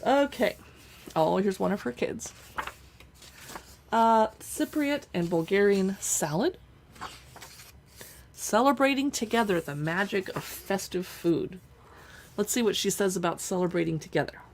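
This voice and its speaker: Female cookbook streamer, mid pitch, gravelly edge, chatty and offhand. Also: lively intonation, unhurried, long pauses, slight background noise. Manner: chatty, reads recipe lists aloud, thinks out loud. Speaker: live-streaming cookbook reviewer. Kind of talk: casual live-stream chat. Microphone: streaming setup.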